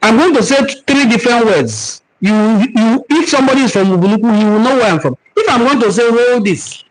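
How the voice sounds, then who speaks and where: Hosting a live-streamed cultural forum, a man with a Nigerian accent teaches and replies to viewer comments, earnest and preachy, repeating words for emphasis. His pitch is extremely high, his delivery expressive and fast, and the recording is low quality.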